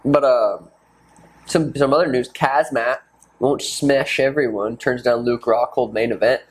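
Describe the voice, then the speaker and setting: A man's voice: mid-range voice, unhurried, low-quality recording. Young man swearing through casual chat. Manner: loose, swears a lot, animated impressions. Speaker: podcast host, fighter.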